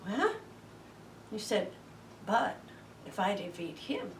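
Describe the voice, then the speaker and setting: A woman giving a homey, chatty Bible teaching, sometimes dropping to hushed tones. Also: medium pitch, wildly swooping pitch, slow pace, a little hiss or hum. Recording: roomy sound from a distant mic.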